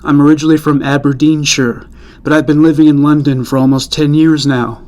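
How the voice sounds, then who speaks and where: A man voicing a lonely, soft-spoken middle-aged Scottish man in a true-crime story, talking politely and low-key. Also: flat delivery, brisk, close to an everyday voice.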